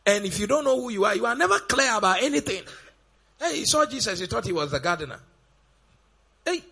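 A man preaching a sermon, firing off rhetorical questions in a gravelly, raspy voice. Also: sits high, very animated, a little fast, pushed and bright.

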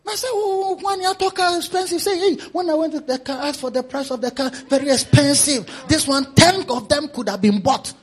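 A man's voice: very high-pitched, fairly quick, hardly any pauses, pitched above the performer's own voice. A man mimicking a grumbling fault-finding churchgoer. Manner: complaining, mocking tone.

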